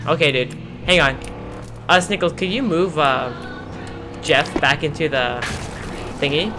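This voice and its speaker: A man chatting casually on a gaming livestream, goofy and excitable as he jokes with friends. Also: fairly high pitch, measured pace. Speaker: game streamer. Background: game music.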